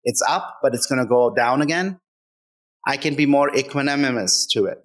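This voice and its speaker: A man's voice: medium pitch, normal speed, a bit bright. A man speaking as a guest author in a conversational interview, earnest and emphatic, often checking in with "right?".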